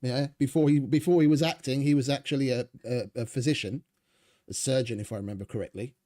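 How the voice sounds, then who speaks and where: A man rambles through his gameplay in a relaxed, mellow voice, chatting casually and swearing freely. His pitch sits in an ordinary middle range as he muses aloud. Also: fast talker. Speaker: gaming streamer.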